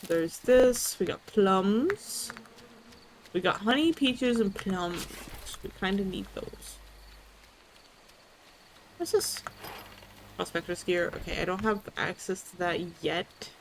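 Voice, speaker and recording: A woman's voice: mid-range voice, slow pace, pauses often, a little hiss or hum. A woman streaming a cozy video game, chatting casually, thinking aloud and giggling often. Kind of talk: casual gameplay commentary.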